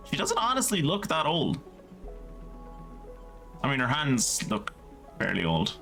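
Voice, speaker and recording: A man streaming a story game, reading the narration aloud and commenting casually, excitable and prone to swearing. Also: medium pitch, measured pace, creaky, pauses often, soft background music.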